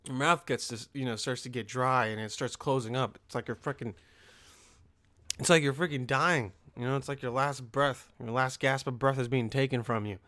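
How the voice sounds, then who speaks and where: A man's voice: mid-range voice, steady tone, normal speed, pushed and bright, no echo. A man hosting his own podcast, rambling casually in a profane, loose monologue full of fillers and restarts. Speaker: podcast host.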